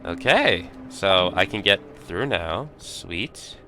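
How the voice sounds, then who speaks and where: Deep-voiced male game streamer. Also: lively intonation, takes it slowly, bright, forceful tone, a little hiss or hum. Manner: chatty, reads game text aloud.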